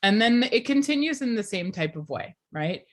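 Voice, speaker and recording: A woman giving a class lecture as a teacher trainer. She speaks clearly and deliberately and keeps asking the class questions. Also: on the high side, sing-song.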